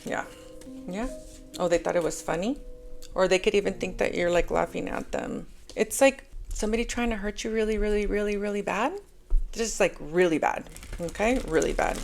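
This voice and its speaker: A woman's voice: medium pitch, normal speed, gravelly, faint music behind. A woman giving a casual tarot reading, talking chattily and calling her viewers angels. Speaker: tarot reader.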